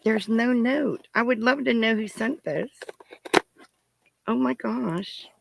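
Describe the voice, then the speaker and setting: On her crafting channel, a woman with a slightly high, creaky voice talks at a slow pace over a noisy background. She opens parcels from viewers in a casual unboxing chat, musing aloud as she unwraps and often gushing and giggling.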